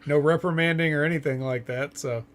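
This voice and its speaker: A man with a somewhat raised voice co-hosts a relaxed podcast, walking through a recap. He hesitates often and fills pauses with ums and uhs as he goes. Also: a little high. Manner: hesitant, filler-heavy recapping. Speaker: co-host.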